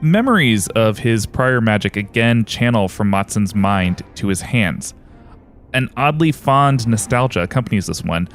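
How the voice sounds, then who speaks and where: Male game master, low-pitched, telling the fight vividly over soft music. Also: animated, moderate pace. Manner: dramatic descriptive narration. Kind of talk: narrating a tabletop game.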